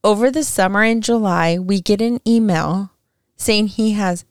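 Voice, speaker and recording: A woman's voice: medium pitch, a little slow, clear, resonant tone, no room sound, clean studio sound. A woman in her forties, a podcast co-host and mother of teenagers, telling family stories in casual chat, rambling and laughing often.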